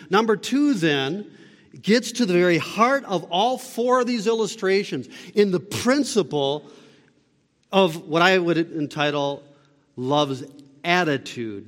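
A man's voice: a little high, long reverb tail. A man preaching a sermon as a pastor, emphatic and asking the listeners rhetorical questions.

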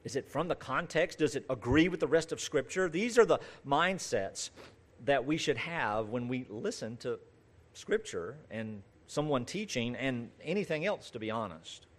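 A man's voice: mid-range voice, lively intonation, moderate pace. A man preaching a sermon, reading scripture and then talking earnestly and conversationally, with rising and falling emphasis and lists that build in force. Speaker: pastor.

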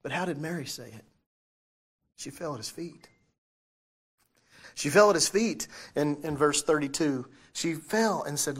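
A man's voice: fairly high pitch, expressive, normal speed. A man preaching a sermon, talking it through with his congregation, reading scripture aloud and correcting himself as he goes. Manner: conversational preaching, asks the congregation questions. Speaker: pastor.

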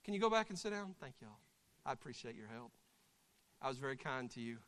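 Animated pastor, bright voice, church reverb. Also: male voice, mid-range voice, brisk, slight background noise. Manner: animated, acts out voices and shouts during the story. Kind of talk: sermon with live acted illustration. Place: church sanctuary. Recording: long church hall reverb.

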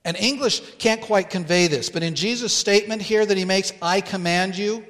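A man preaching a sermon as pastor in a church, earnest and deliberate, pausing to stress key words. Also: high-pitched, a bit bright, in a large hall. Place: church sanctuary.

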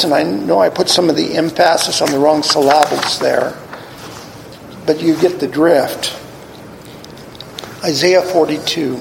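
Middle-aged male preacher, slightly high voice, gravelly, deliberate scripture reading, faint room noise. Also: fairly even intonation. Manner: slow, deliberate scripture reading with rising emphasis. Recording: long hall reverb, faint ambience.

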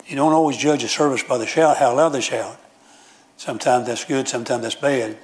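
A man's voice: mid-range voice, brisk. A man preaching a sermon in a church, telling folksy stories with frequent restarts and repeated phrases.

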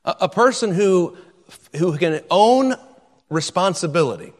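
A man's voice: high-pitched, animated, measured pace, long reverb tail. A man preaching a sermon, emphatic and repeating words as he drives his points home.

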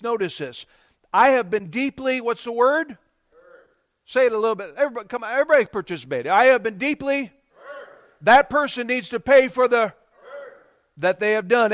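A man's voice: very high voice, a bit bright, no room sound, studio quality. A man preaching a sermon to his congregation, calling for responses and building to emphatic bursts. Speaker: pastor.

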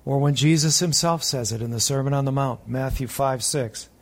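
A man preaching a sermon as pastor, reading scripture aloud and pausing for emphasis. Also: mid-range voice.

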